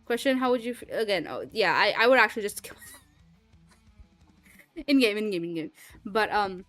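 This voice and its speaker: A woman's voice: mid-range voice, lively intonation, normal speed, a bit bright, dry recording, soft background music. A young woman streaming, chatting casually and rambling with lots of fillers and frequent laughs. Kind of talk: casual livestream chat.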